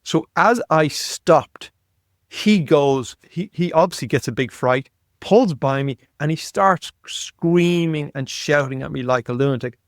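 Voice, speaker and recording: A man in his fifties, a podcast guest, telling a story in an animated way and often repeating words as he goes. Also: on the high side, measured pace, dry recording, clean studio sound. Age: 50s. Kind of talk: storytelling in conversation.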